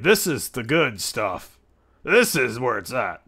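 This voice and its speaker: A man streaming in character as a brash male echidna, reacting with crude jokes and loud goofy outbursts. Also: mid-range voice, sing-song, slow pace, husky.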